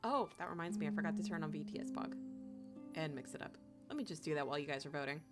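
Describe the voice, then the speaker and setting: A woman's voice: sits low, lively intonation, fast. A young woman streaming a game live, chatting casually and giggly, often saying "like". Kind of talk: casual live-stream chat while gaming. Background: game music.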